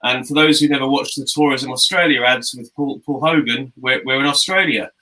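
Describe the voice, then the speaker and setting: A man hosting an online session, introducing a guest speaker in a relaxed, halting way with many ums and restarts. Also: medium pitch, low-quality recording. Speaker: webinar host. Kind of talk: casual spoken introduction.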